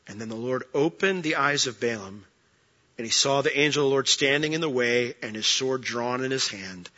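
Bright-voiced man preaching with humor. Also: mid-range voice, normal speed. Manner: conversational, joking, acts out quotes. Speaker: pastor. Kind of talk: sermon. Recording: dull sound with long hall reverb.

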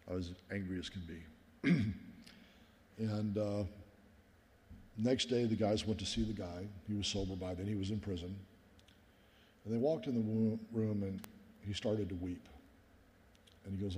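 A man's voice: fairly low pitch, unhurried, long pauses, darkish tone, slight background noise. A middle-aged man, a pastor, giving a sermon as an earnest personal story and often calling his listeners "guys.". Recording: long hall reverb.

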